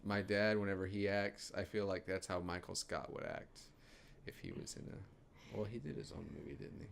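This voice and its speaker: A man with a fairly low voice talks through a director's commentary on his own short film. He is laid-back and casual, trading laughing asides and exclamations with a co-host. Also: normal speed, vocal fry, a little hiss or hum. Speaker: filmmaker giving director's commentary.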